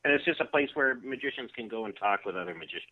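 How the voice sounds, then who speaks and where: A man's voice: medium pitch, expressive, racing, narrow, tinny audio. A man co-hosting a podcast, teasing his co-host in a dry way. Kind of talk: casual podcast banter.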